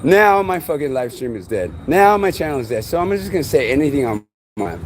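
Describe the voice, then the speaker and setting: A man vlogs on a live stream in a restless ramble, swearing often and jumping from loud outbursts to low mutters. His delivery is sing-song and quick, with a little hiss or hum in the background.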